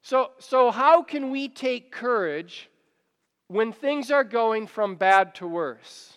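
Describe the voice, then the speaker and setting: Male pastor, high resonant voice, earnest sermon delivery with a long hall reverb. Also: lively intonation, takes it slowly, fairly bright tone, clear, resonant tone. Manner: earnest, repeats and stammers when worked up.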